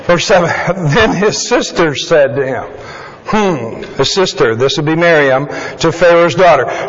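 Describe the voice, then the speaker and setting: A man's voice: on the high side, a little fast. A man leading a Bible study in a chatty, conversational way, full of joking asides and digressions. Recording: dull lo-fi sound with long hall reverb.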